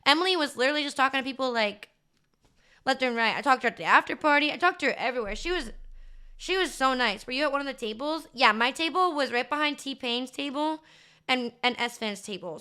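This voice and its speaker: A woman's voice: high-pitched, fairly quick, sharp tone, clean tone. A woman streamer chatting casually to her viewers, gushing and rambling with lots of filler words. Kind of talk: casual livestream chat recap.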